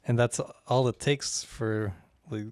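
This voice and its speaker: A man's voice: medium pitch, fairly even intonation, slow pace, a little mellow, clear, resonant tone, no room sound, studio quality. A man co-hosting a movie podcast in casual chat, laid-back and offhand, with a lot of filler words. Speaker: podcast co-host.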